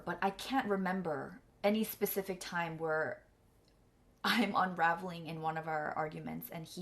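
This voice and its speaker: A young woman telling a personal story candidly, full of fillers and close to tears. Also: mid-range voice. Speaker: vlogger and coach.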